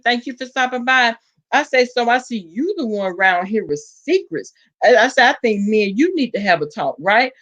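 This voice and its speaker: A woman with a Southern US accent telling a gossipy story to her viewers in a casual vlog, acting out the quotes with sudden jumps in her voice. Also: dull audio. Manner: animated gossip, acts out quotes with big pitch jumps. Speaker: vlogger.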